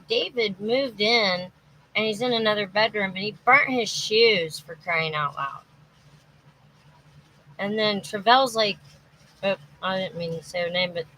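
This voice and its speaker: A woman's voice: medium pitch, bright, forceful tone, slight background noise, rough recording. Rattled woman rambling on a livestream. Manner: anxious and rattled, rambling with restarts. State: exhausted. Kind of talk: rambling live-stream monologue. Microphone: phone or webcam livestream.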